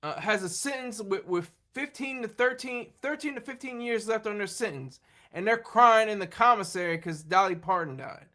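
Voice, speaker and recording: A man's voice: high voice, expressive, normal speed, sharp tone. A man hosting a livestream, rambling in casual chat, laughing often and poking fun at himself while answering viewers. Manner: rambling, laughing, self-deprecating. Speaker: livestream host.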